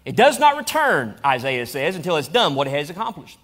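A man with a high voice preaches from the pulpit, his delivery rising and swelling through repeated phrases. He preaches in a church hall. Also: huge pitch swings, a little fast, fairly bright tone. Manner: preaching with rising emphatic repetition. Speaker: pastor. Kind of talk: sermon. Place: church auditorium.

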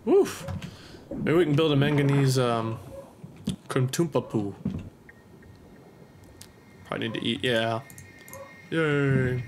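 A man's voice: medium pitch, takes it slowly, long pauses, noisy background. A young man doing let's play commentary, goofy and self-mocking, talking to himself and to the game's creatures. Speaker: gameplay commentator. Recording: game music behind voice.

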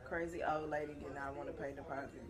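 A woman's voice: low-pitched, flat delivery, fast talker, over a noisy crowd. A woman hosting a reaction video, talking in a blunt, profane and exasperated way as she comments. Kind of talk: casual commentary.

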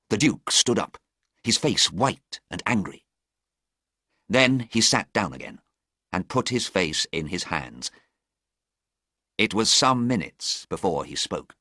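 Slow, lively man reading a storybook. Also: low-pitched, dry recording, clean studio sound. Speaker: narrator. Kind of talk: slow storybook narration for English learners.

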